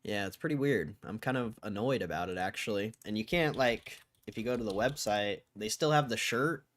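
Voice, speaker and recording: A man livestreams casual stock market commentary, thinking out loud and swearing freely as he mock-rants. His voice is lowish with a fairly bright tone, and he speaks briskly.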